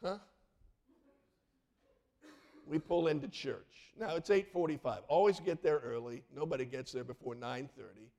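A middle-aged male pastor telling stories in a sermon, lively and acting out the people in them. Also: medium pitch, a little fast, few pauses. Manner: animated, acts out voices in his stories. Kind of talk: storytelling sermon.

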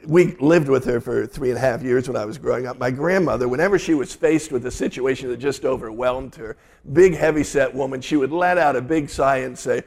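A man, a pastor, delivering a sermon and retelling scripture in a lively storytelling way. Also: medium pitch, brisk.

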